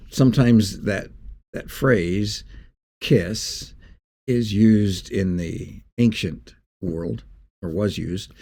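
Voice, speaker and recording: A man giving a folksy, conversational devotional talk as a pastor. He pauses and restarts as he speaks. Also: on the low side, warm tone. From Northeast Indiana.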